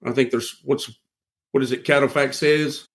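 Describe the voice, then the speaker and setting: A man talking about markets as a podcast guest, folksy and blunt, telling stories in an animated way. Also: mid-range voice, normal speed. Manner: animated storyteller who acts out quoted voices. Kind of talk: casual podcast conversation.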